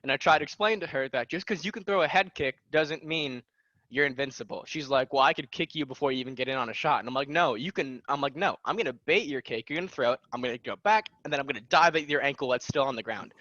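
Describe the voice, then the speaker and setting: Young male podcast guest, bright forceful voice, lively storyteller, dull dry call audio. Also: medium pitch, fast talker, no echo. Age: young adult. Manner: animated storytelling, acts out quotes. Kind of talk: casual podcast chat.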